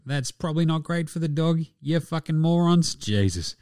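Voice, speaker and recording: A man's voice: on the high side, lively intonation, normal speed, darkish tone, no echo, clean studio sound. A man with an Australian accent hosting a casual sports podcast, swearing and joking between sports scores. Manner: profane and jokey. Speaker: podcast host.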